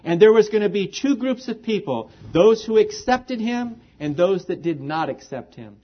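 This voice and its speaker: A man's voice: high voice, lively intonation, moderate pace. A man preaching a sermon as pastor, earnest and full of rhetorical questions to the congregation. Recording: dull lo-fi recording.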